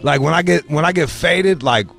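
A man's voice: a little high, moderate pace, gravelly, a bit bright, faint music behind. A man from Michigan hosting a podcast, telling stories in rambling, profane casual banter. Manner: rambling, profane, restarts a lot. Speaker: podcast host.

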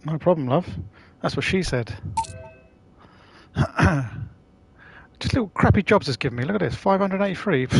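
A man's voice: high-pitched, expressive, slow pace, vocal fry, pauses often, breathy edge. A man chatting casually to his live-stream audience as he plays, rambling, swearing and using slang. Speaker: gaming streamer.

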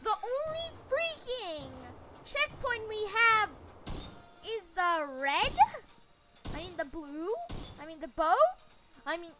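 A woman's voice: very high-pitched, lively intonation, slow pace, long pauses, heavy background noise. A woman giving playful, goofy commentary while playing a shooting game, shrieking at the action and muttering to herself in between. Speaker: gameplay commentator.

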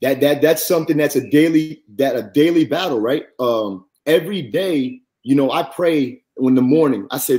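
A man guest on a podcast, earnestly telling a faith-centered personal testimony, animated and rising high when he quotes others. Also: normal speed, hardly any pauses.

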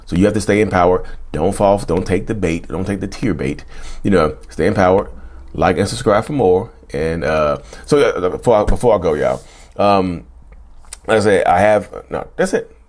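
A man's voice: low-pitched, normal speed, a little mellow. A man hosting his own channel, talking casually to his viewers, repeating himself and saying "y'all" a lot. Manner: conversational, repeats phrases, says "y'all" often. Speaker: YouTube host. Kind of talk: casual talk to camera.

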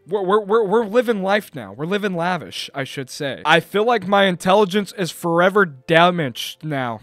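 A man's voice: fairly high pitch, a bit bright, no room sound. A young man giving jokey let's-play commentary, rambling and breaking into panicked yelps. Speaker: gaming YouTuber.

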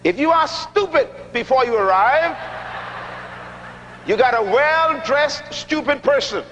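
A middle-aged male preacher giving an emphatic, teasing sermon, repeating key lines slowly for effect, in a large church hall. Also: very high voice, animated, a bit bright, slight background noise. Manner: humorous, teasing the audience. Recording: dull lo-fi recording with long hall reverb.

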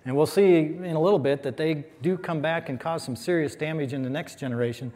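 A man's voice: on the high side, a little fast, a little mellow. An American man from a church, teaching a Bible lesson in a conversational, emphatic way with wry asides. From United States. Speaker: pastor. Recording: long reverb of a hall.

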